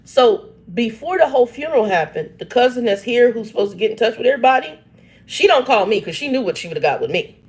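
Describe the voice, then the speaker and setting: A woman's voice: a little high, animated, fast talker, a little mellow. A woman in her fifties tells a personal family story straight to her viewers. She talks emphatically, often exclaims and laughs, and reads out comments from her live chat. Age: 50s. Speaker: channel host reading live chat.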